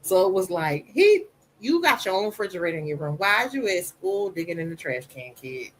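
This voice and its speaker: A woman with a soft voice, talking openly as a guest on a podcast. She speaks with emphasis and tells her story animatedly, repeating phrases to drive them home. Her pitch sits in a middle range. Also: sing-song, a little fast, slight background noise, rough recording. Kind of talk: candid conversation.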